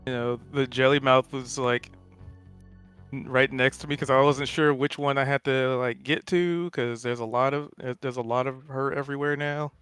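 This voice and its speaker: A man's voice: medium pitch, fairly even intonation, moderate pace, fairly bright tone, smooth, no room sound, soft background music. A male player at a tabletop game, thinking aloud hesitantly about his move. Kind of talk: casual chat over a tabletop game.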